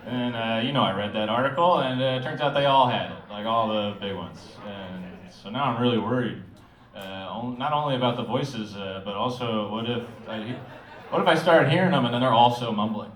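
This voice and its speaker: Stand-up comic, male, mumbly offhand delivery, mid pitch, roomy club sound. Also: fairly quick, fairly bright tone, recorded from a distance. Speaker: stand-up comedian. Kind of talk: stand-up set. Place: comedy club stage.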